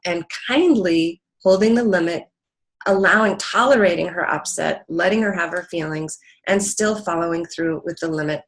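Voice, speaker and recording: A woman's voice: on the low side, low-quality recording. A middle-aged woman teaching about parenting through a story, earnest, with frequent ums and restarts. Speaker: parenting educator. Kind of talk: teaching talk with an anecdote.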